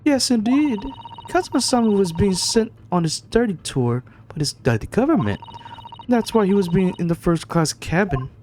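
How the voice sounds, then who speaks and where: A man putting on a courteous young female companion in a visual novel game. The voice is raised and soft, a plain falsetto-like lift. Her manner is polite and gentle. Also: big pitch swings, normal speed, slight background noise.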